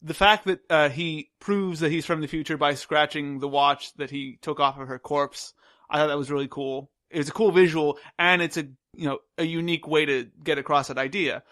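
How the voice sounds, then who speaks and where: A young man hosting a podcast, giving opinionated, animated TV reviews in casual chat. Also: fairly high pitch, moderate pace, no echo, clean studio sound. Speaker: podcast host.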